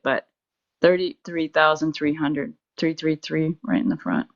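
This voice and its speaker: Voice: medium pitch, fairly even intonation, unhurried, dry recording. Dull-sounding caller telling a story. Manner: conversational storytelling, a few stammers. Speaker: caller getting a reading.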